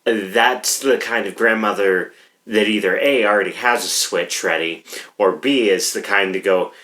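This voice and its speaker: A man chats casually on a podcast, joking with halting starts. His voice is very deep yet bright and forward. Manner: hesitant, joking. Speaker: podcast co-host. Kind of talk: casual chat.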